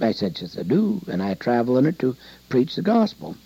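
A man preaching a sermon, emphatic and exhorting, with rising loud passages. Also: medium pitch, sing-song, moderate pace, creaky, slightly rough, dry recording. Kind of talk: radio sermon. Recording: dull lo-fi sound.

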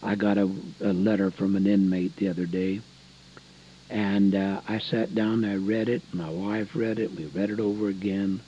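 A man preaching a folksy sermon, dropping to soft low asides and rising to emphatic points. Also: flat delivery, moderate pace, slight background noise. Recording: dull lo-fi recording.

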